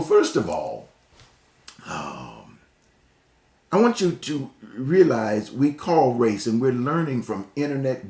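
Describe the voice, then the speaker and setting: A man's voice: lowish voice, darkish tone, echoey room. A man from Northeast Ohio with a slight Texas drawl, giving an emphatic motivational talk and often repeating words. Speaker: speaker.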